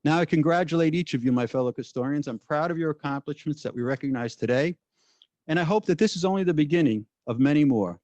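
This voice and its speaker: A man, a judge, giving a formal ceremony speech in a measured, earnest manner. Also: a little high, a little mellow, dry recording. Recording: dull, dry lo-fi recording.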